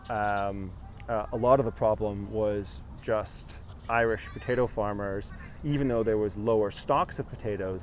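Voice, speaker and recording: A man guiding a live-streamed garden walking tour outdoors, chatting casually and reading viewer comments aloud. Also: lowish voice. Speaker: tour guide. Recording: outdoor live stream with clear background noise.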